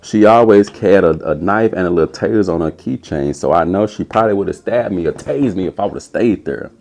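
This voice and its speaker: Low-voiced young man telling a story. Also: a little fast, creaky. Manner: animated, acts out quotes in a high voice. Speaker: podcast host. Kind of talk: casual storytelling.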